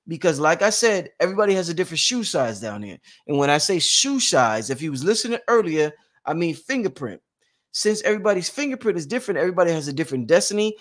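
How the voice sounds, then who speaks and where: A man hosting a casual livestream, reading out chat shout-outs and talking informally, often repeating himself and swinging between loud and quiet. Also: on the high side. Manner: informal, drawn-out, repeats phrases. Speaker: livestream host.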